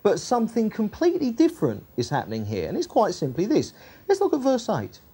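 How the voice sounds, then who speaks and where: A woman with a husky, warm, low voice teaches from scripture, reading verses aloud and then explaining them. Her delivery is chatty and colloquial, with lots of tag questions, and her pitch swings widely. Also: wildly swooping pitch, brisk. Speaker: Bible teacher.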